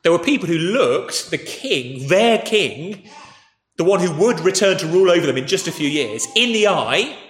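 A man's voice: high-pitched, very animated, moderate pace, slight background noise. A man preaching a conversational sermon, telling stories and speaking directly to the congregation and the children. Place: church. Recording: echoey church hall with long reverb.

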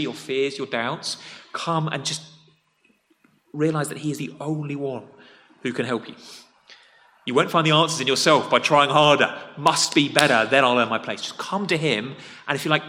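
Guy preaching a sermon, chatty, plain words, bright voice, long churchy echo. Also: mid-range voice. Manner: conversational, plain-spoken, swings between loud emphasis and quiet earnest drops. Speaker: pastor. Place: church sanctuary. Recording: long reverb of a church hall.

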